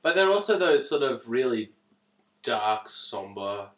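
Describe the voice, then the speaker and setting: A man's voice: medium pitch, big pitch swings, measured pace, roomy sound. A man co-hosting a podcast in casual chat, blunt and jokey, swearing freely. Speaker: podcast co-host.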